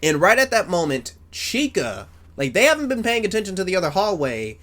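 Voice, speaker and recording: A man doing casual fan commentary, rambling loosely and swearing freely. His voice sits fairly high and gets animated as he talks. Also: fairly quick. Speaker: YouTuber.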